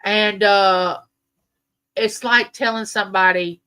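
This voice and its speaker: A woman's voice: mid-range voice, steady tone, slow pace, bright, forceful tone, smooth. A woman from the American South with a Southern US accent, hosting a casual live chat and telling rambling stories to her viewers. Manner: chatty, rambling storyteller. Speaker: livestream host.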